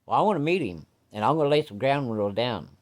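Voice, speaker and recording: A man puts on a hot-tempered father who roars threats and curses. His voice jumps up high and loud, loose and gruff. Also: very animated, fast talker, natural voice. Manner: cussing, loud, blustering threats. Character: hot-tempered blustering working-class father.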